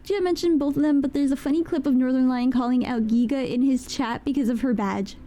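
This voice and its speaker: A woman hosting a casual interview, speaking in a relaxed, agreeable way with small hesitations. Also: high-pitched, fairly quick, soft background music. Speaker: host.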